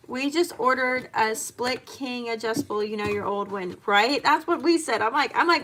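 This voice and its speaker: A woman's voice: on the high side, moderate pace, few pauses, a bit bright, slight background noise. A woman in her home kitchen chatting casually and rambling as she chops and cooks. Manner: chatty and rambling, talking while chopping and cooking. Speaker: homemaker vlogger. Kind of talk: casual chat while cooking.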